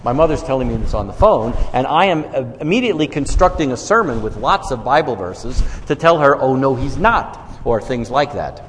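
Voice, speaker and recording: A man's voice: medium pitch, lively intonation, fairly quick, few pauses. New york guy telling stories to a crowd, pokes fun at himself, big echoey hall. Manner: self-deprecating, storytelling with quoted dialogue. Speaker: speaker on faith conversations. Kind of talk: talk to a live audience. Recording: long hall reverb, faint room noise.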